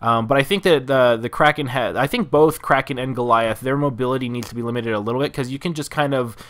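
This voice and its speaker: A young man talks over his gameplay on a headset, his voice sitting at an ordinary middle pitch. He rambles, restarts his sentences and trails off as he explains things to his teammates. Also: fast talker, a bit bright. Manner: rambling, self-interrupting, trails off mid-sentence. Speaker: gamer recording gameplay. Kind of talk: casual gameplay commentary and voice chat.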